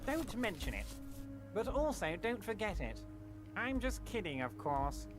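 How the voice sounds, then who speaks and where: A man voicing a large, smooth-talking union boss in a game, oily and ingratiating. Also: sits high, very animated, unhurried. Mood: mock-reassuring. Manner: oily, ingratiating, mock-friendly. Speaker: game character. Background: game music.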